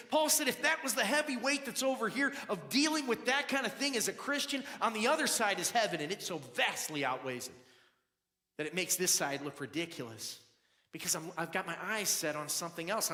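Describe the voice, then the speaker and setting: A pastor preaching a conversational sermon, repeating words as he builds, swinging between low confiding tones and loud emphatic bursts. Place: church sanctuary. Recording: echoey hall, long reverb.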